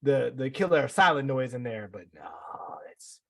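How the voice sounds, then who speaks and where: A man's voice: mid-range voice, lively intonation, normal speed, creaky, crowd noise. A man co-hosting a podcast, rambling with restarts and chuckles as he gives his take. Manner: rambling, self-correcting, chuckling. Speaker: podcast co-host. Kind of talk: casual podcast banter.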